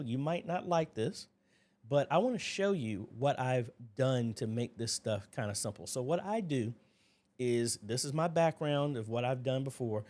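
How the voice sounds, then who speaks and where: A man's voice: mid-range voice, darkish tone. A man hosting a casual livestream, greeting viewers by name one after another and then talking through a tech demo on his computer. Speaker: livestream host.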